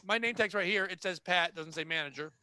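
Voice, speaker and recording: A man's voice: high voice, a little fast, clear, resonant tone. A man hosting a podcast, telling a retail work story in a blunt, sarcastic way and acting out the people in it. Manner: animated, acts out the people in his stories. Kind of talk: casual storytelling chat.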